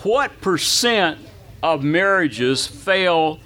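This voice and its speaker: A man's voice: fairly high pitch, animated, drawn-out words, pushed and bright. An older man teaching a Bible class as pastor, folksy and chatty, quizzing his listeners and telling anecdotes. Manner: folksy, asks the audience questions, tells anecdotes.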